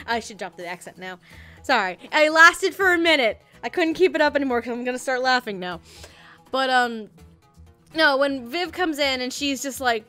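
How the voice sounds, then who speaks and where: Rambling woman host, higher voice. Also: pushed and bright. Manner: rambling, self-correcting, laughs often. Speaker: podcast host reviewing an audio drama. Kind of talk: casual chat.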